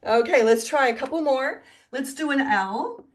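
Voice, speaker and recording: A woman teaching Spanish pronunciation in a video lesson, speaking clearly and encouragingly. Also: high-pitched. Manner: slow, clear, encouraging, sings syllables.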